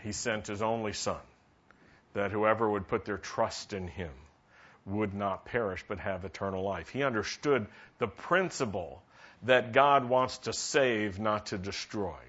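A man's voice: fairly low pitch, a little slow, fairly bright tone. A male pastor preaching a sermon and asking the congregation questions to draw them in. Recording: dull lo-fi sermon recording.

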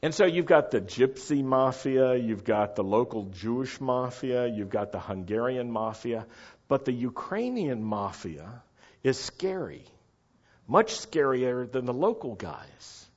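A middle-aged man telling a story in a chatty, animated way, often checking that his listeners follow. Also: mid-range voice, measured pace. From United States. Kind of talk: casual anecdotal storytelling. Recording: dull lo-fi recording.

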